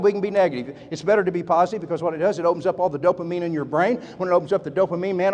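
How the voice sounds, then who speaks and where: A middle-aged man giving an energetic motivational speech, telling folksy stories and drawing call-and-response from the audience. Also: sits high. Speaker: motivational speaker. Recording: long hall reverb.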